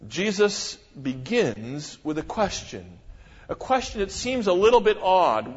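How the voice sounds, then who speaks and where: A middle-aged man preaching with animated, pointed rhetorical questions, his voice sitting a little high. The sound is muffled and dull, and a long church-hall reverb trails each phrase. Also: unhurried. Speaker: pastor. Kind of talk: sermon.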